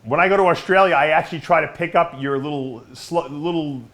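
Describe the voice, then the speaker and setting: A man's voice: a little high, a little fast, a loud crowd. A man hosting a casual podcast discussion, talking in an enthusiastic way. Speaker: podcast host.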